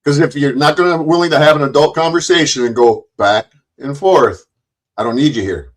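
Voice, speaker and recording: A man hosting a livestream, talking in a somewhat high voice. He taunts his guests, keeps cutting in, and shouts profane insults as the argument heats up. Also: fairly quick. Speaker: livestream host.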